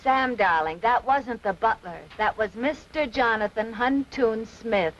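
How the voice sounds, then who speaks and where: A young actress playing a gentle, concerned wife, soft-spoken, in 1950s film acting. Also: female voice, a little high, a little slow, lightly acted. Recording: dull old film soundtrack, faint hiss.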